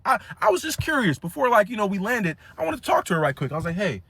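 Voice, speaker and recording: Young man, high lively voice, storytelling, dry close sound. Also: fast, breathy edge, no echo. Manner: animated, laughs often, acts out other people's lines. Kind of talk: casual storytelling.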